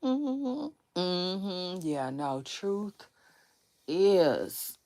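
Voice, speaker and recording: Hosting a celebrity gossip livestream, a woman chats casually and rambles to her viewers, drawing out her words and laughing often. Her voice sits on the low side with a dark tone and big swings in pitch, captured through a livestream setup.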